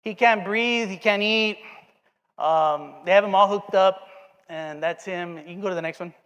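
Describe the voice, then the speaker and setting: Middle-aged male pastor, high-pitched voice, earnest storytelling sermon in a church with long reverb. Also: normal speed, a bit bright, clean tone, highs cut off. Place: church sanctuary.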